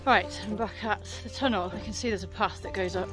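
A woman's voice: medium pitch, fairly quick, music in the background. A young woman casually narrating her narrowboat travel vlog, breezy and chatty, laughing often. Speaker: vlogger. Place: narrowboat and canal towpath.

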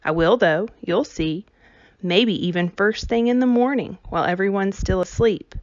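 A woman voicing a restless, headstrong young girl who speaks softly and wistfully. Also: medium pitch, moderate pace, no room sound, highs cut off, close to an everyday voice. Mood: confiding.

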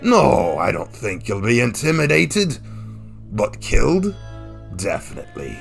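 A man voicing a brash, swaggering male Viking warlord who barks loud taunts. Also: lowish voice, very animated, slow pace, gravelly, faint music behind, exaggerated voice. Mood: taunting.

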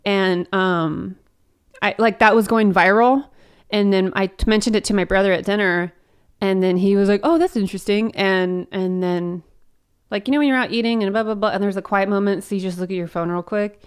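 A woman comedian in casual podcast chat, swearing freely and acting out quotes in high, animated bursts. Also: brisk, clean tone. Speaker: comedian guest.

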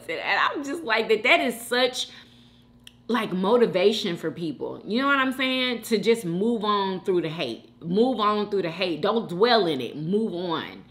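A woman from Houston, hosting a mukbang and chatting warmly and emotionally with viewers in the chat. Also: medium pitch, sing-song, measured pace. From Houston, Texas. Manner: chatty and emotional, calls viewers girl and sis. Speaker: mukbang host reading live chat. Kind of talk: casual chat.

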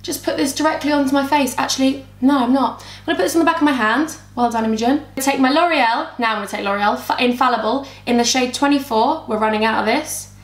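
A woman's voice: sits high, fast talker, hardly any pauses. A woman, chatting and rambling through a makeup tutorial as she talks to her camera. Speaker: beauty vlogger. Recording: roomy echo.

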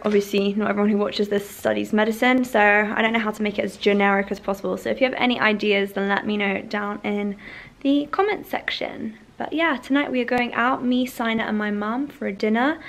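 A woman's voice: fairly high pitch, gravelly. Chatty young woman vlogging. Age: young adult. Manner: chatty, rambling, frequent "like" and "yeah". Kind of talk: casual vlog chat. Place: at home getting ready.

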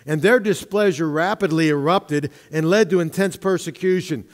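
A man preaches from the pulpit, high in pitch and leaning hard on his stressed words. He mixes plain teaching with light humorous asides. The long echo of the church hall trails behind each phrase. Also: moderate pace. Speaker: pastor. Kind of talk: sermon. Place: church sanctuary.

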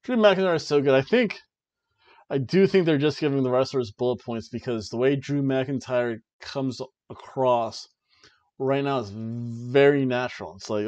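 A man co-hosts a podcast and casually recaps a wrestling show in an excited play-by-play manner, tossing in jokey asides. His voice sits at an ordinary middle pitch. The recording sounds dull and lo-fi. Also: normal speed. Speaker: podcast co-host.

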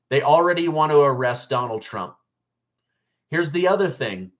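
On his political news livestream, a man talks casually to viewers about current events, sounding incredulous and mocking. His fairly high voice is expressive and moves at a normal speed.

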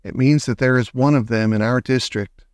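A man's voice: mid-range voice, fairly even intonation, normal speed, a little mellow, clean tone, dry recording, natural voice. A man reading a storybook aloud, voicing a protective elderly grandmother who speaks firmly and reassuringly. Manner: firm, reassuring.

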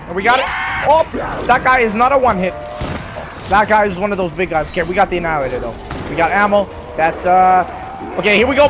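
Excitable young gamer, high voice. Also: male voice, fairly quick, noisy background. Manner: excitable, swearing, talks to the game. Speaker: gaming YouTuber. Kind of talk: live gameplay commentary. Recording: voice over loud game audio.

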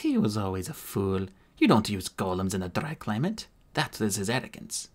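A man voicing a young, ancient warrior woman with a soft Irish lilt, curt and dry in a storybook audiobook. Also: fairly low pitch, very animated, normal speed. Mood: dismissive. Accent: Irish, put on.

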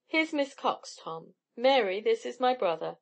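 Woman reading a schoolgirl, excitable, gushing, pouty, raised pitch. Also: unhurried, creaky, exaggerated voice. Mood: excited. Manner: gushing, pouting. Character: excitable schoolgirl, a bit selfish.

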